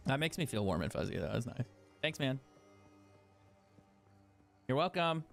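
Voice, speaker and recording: A man's voice: medium pitch, very animated, moderate pace, vocal fry, a bit bright, faint music behind. A young man chatting casually as a game streamer, swearing freely and laughing often. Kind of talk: casual gaming stream commentary.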